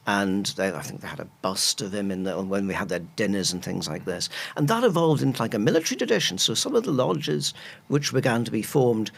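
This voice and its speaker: Low gravelly guy going on about history, all enthusiastic. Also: sing-song, a little fast. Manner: enthusiastic, rambling with restarts. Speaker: guest, historian and archaeologist. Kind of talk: casual chat, explaining history.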